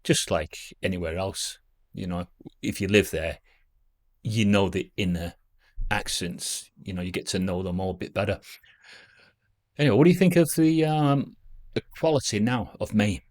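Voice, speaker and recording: A man in his fifties with a fairly low voice. He talks straight to a camera on a stand at home, reminiscing and rambling in a loose, self-deprecating way. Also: normal speed, long pauses. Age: 50s. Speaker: vlogger.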